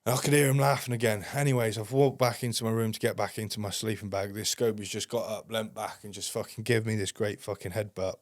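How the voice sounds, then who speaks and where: Lower-voiced sweary man. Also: steady tone, fast, hardly any pauses, no room sound, studio quality. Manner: blunt, swears constantly. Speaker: podcast guest. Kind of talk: casual storytelling.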